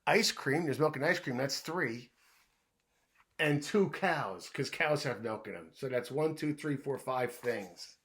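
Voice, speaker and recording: A man reading a children's riddle book aloud in a playful way, posing each riddle and then answering it himself, dropping to a hushed voice when he plays the puzzled guesser. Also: medium pitch, lively intonation, a little slow.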